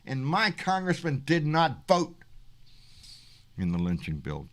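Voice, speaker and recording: Older Texan host, blunt, cussing, fired-up chat on a video call. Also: male voice, on the high side, slow pace, pauses often. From Texas. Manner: blunt, profane, animated, calls people baby. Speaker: livestream talk show host. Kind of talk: casual political chat.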